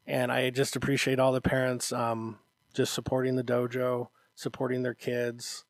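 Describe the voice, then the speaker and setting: A man's voice: mid-range voice, monotone, moderate pace, no room sound. A man co-hosting a casual podcast as a martial arts instructor, talking earnestly and encouragingly to parents and checking in with "Okay?". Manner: earnest and encouraging, acts out parents' voices, often adds "Okay?".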